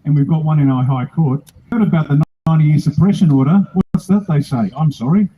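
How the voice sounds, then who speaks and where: A man's voice: a little high, fairly quick, muffled recording, slight background noise. An older man with an Australian accent, giving a blunt, rousing, joking speech at an outdoor rally. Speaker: political speaker at a rally.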